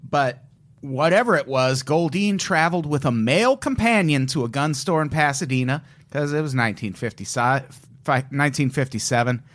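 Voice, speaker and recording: A man's voice: mid-range voice, animated, moderate pace, a bit bright. A man co-hosting a podcast, telling a crime story in a casual, joking way. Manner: joking, storytelling, puts on an old-timey voice at times. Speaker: podcast co-host.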